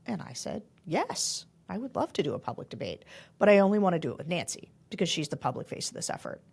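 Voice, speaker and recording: A woman co-hosting a podcast, telling stories in a chatty, animated way and laughing often. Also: lowish voice, fast talker, creaky, husky. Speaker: podcast co-host. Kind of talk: casual political chat.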